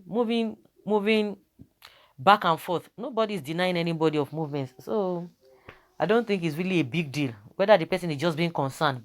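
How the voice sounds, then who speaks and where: A man with a Nigerian accent, hosting an online commentary and reading out viewer comments, switching between Pidgin and English with emphasis. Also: fairly high pitch.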